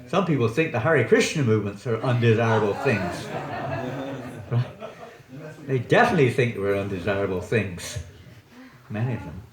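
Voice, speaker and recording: Man, swami giving a class in a temple hall, lively up-and-down delivery, keeps quizzing the audience. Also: lowish voice, moderate pace, pauses often, a crowd in the background. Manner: chatty, joking, quizzes the audience. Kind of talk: sermon with audience questions. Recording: echoey hall.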